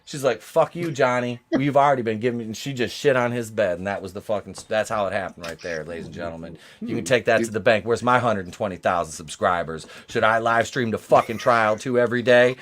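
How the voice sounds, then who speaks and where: A man's voice: fairly low pitch, a little fast, a bit bright. A man co-hosting a talk show, telling a crude story in a rambling, profane way. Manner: rambling and profane, acts out voices in his stories. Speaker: podcast co-host. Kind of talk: crude comedic riffing.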